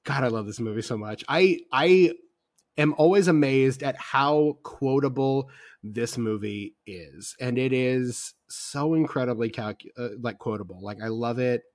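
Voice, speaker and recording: A man's voice: medium pitch, unhurried, no room sound, clean studio sound. A man co-hosting a casual film podcast, talking with rambling enthusiasm, full of fillers and casual swearing. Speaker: podcast co-host.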